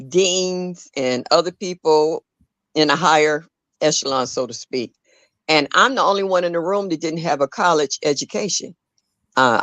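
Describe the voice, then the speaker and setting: A woman's voice: deep voice, fairly bright tone, dry recording. Dry-sounding grandmother telling a story. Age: older. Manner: storytelling, earnest, with frequent restarts and laughs. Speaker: caller in a live audio discussion. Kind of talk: casual chat.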